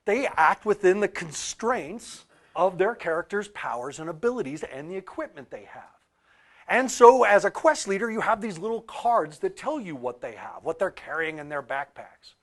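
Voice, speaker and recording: A man telling a story in a talk about archetypes, animated, with loud peaks and quiet asides. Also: high voice, normal speed. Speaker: author and speaker on archetypes.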